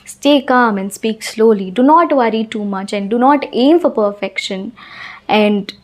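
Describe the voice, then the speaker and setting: A woman's voice: on the high side, measured pace. A woman giving an earnest talk to camera on speaking with confidence, repeating her points for emphasis. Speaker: English-speaking coach.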